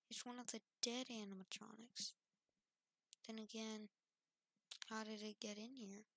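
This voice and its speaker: A woman acting out a casual game role-play, halting and hesitant, with many fillers and restarts. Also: mid-range voice, pushed and bright, no room sound, clean studio sound. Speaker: role-play channel host.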